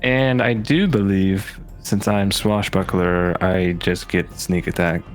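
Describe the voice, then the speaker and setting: A man as a player in a tabletop game, speaking slowly and hesitantly in a low-key way. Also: fairly even intonation, soft background music. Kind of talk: casual tabletop role-play.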